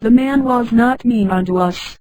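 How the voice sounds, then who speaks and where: A woman's voice: a little high, measured pace, darkish tone, lightly acted, poor audio. Synthetic voice reading a frank young woman.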